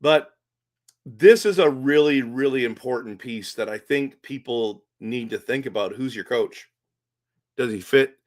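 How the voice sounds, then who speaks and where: A middle-aged man talking casually on his own live stream about hockey, animated and rambling, full of restarts and rhetorical questions. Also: medium pitch. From Canada. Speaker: hockey fan commentator.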